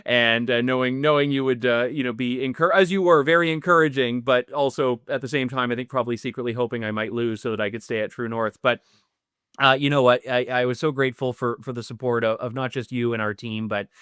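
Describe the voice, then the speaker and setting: A middle-aged Canadian man, newly elected to office, answers interview questions earnestly, restarting often and using many fillers. His medium-pitched voice is clear, resonant and fairly bright, with fairly even intonation and a fairly quick pace. The recording is dry and studio quality.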